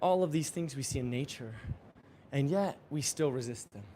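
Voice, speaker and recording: A man's voice: medium pitch, moderate pace, noisy background. A man exercising during a live-streamed motivational talk, earnest and affirming, often chuckling. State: exercising while talking. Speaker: spiritual coach.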